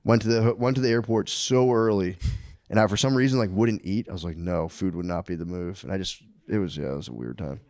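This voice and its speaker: A man's voice: fairly low pitch, lively intonation, quick pace, a little mellow, no room sound. A man in his thirties co-hosting a podcast, telling rambling stories in casual chat and swearing a lot. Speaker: podcast co-host.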